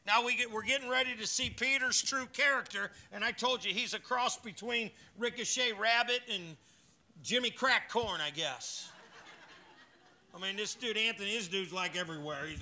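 Bright, high-voiced folksy pastor. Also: male voice, moderate pace. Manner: folksy, joking asides between scripture readings; rises in pitch and volume when reading scripture and exhorting. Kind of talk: sermon. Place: church service.

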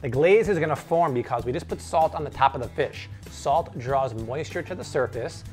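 A man's voice: mid-range voice, moderate pace, a little mellow, soft background music. A man hosting a casual cooking demonstration, upbeat and jokey as he explains each step. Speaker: cooking show host.

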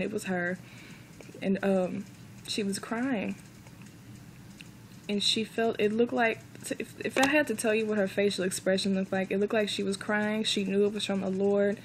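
A woman recounts a personal faith story with earnest emotion, close to tears and often repeating herself. Her pitch stays level and unvaried, with faint noise behind her. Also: vocal fry, poor audio. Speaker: vlogger.

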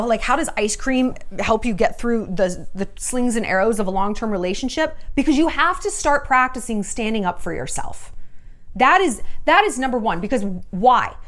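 A woman in her thirties vlogging relationship advice straight to camera. Her voice sits high and swoops all over the place as she acts out her own quoted lines. She is frank and swears freely. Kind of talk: candid talking-head vlog.

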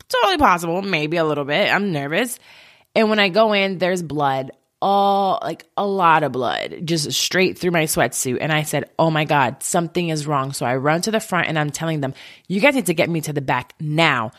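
Low-voiced woman telling a personal story. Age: 30s. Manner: candid, halting, emotional retelling.

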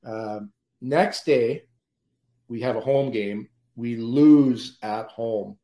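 A man, a former pro hockey player, telling lively anecdotes as a podcast guest and often laughing mid-story. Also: medium pitch, drawn-out words. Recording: roomy echo.

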